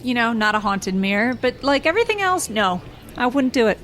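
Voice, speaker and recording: A woman co-hosting a podcast, chatting in a relaxed, plain-spoken way. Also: fairly high pitch, fairly quick, slight background noise. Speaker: podcast co-host. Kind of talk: casual chat.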